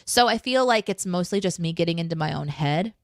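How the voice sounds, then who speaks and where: A woman's voice: fairly low pitch, expressive, fairly quick, dry recording, clean studio sound. A woman co-hosting a casual live chat show, chatty and self-deprecating, laughing often. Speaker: co-host.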